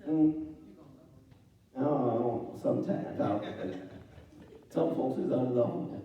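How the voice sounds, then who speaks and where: A man's voice: mid-range voice, slow pace, dull audio, slight background noise. A man preaching a sermon, drawing the congregation in with rhetorical questions. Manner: rhetorical, asks the congregation "huh?". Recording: echoey church from far off.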